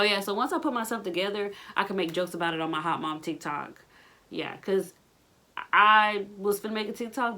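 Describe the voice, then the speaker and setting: A pregnant woman in her thirties vlogging casually while tidying her bedroom, telling candid, animated stories full of slang. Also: medium pitch, distant mic. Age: 30s. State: pregnant, back aching. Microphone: camera set up across the room.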